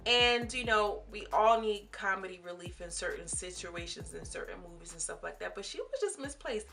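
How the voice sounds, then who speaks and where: A woman's voice: mid-range voice, lively intonation, normal speed, gravelly, bright, forceful tone, faint music behind. A young woman vlogger giving chatty, emphatic commentary on a series and talking straight to her viewers. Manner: chatty and emphatic, addressing viewers as sis and girl. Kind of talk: casual commentary.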